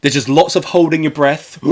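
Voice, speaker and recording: A man's voice: medium pitch, expressive, a little fast, fairly bright tone. A man co-hosting a casual film review podcast, making sardonic, dry jokes about the film.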